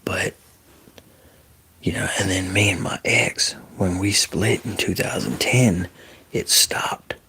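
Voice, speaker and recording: A man's voice: low-pitched, steady tone, slow pace, gravelly, pushed and bright. A man hosting an ASMR livestream, chatting casually with viewers in a close-mic whisper and often swearing. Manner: whispering often, swears heavily, gets heated. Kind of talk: casual live chat reading comments.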